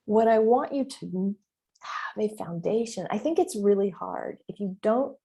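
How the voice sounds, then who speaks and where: A middle-aged woman hosting a casual solo podcast. She talks emphatically, swears lightly, and acts out her inner voice in quick quoted asides. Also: mid-range voice, vocal fry. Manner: emphatic, animated, frequent mild swearing. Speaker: podcast host and business mentor.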